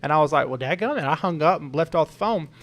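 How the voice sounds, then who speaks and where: A young man talks earnestly on a podcast, his voice sitting a little high. He rambles through a personal story, starting sentences over and circling back. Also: fast talker, fairly bright tone. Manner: earnest, rambling, with many restarts. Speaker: podcast co-host. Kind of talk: casual storytelling talk.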